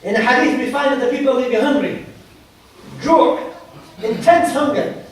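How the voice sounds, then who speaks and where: A man's voice: very high voice, moderate pace. A man preaching a sermon, emphatic, repeating phrases for weight. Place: mosque prayer hall. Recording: very echoey hall, voice far from mic.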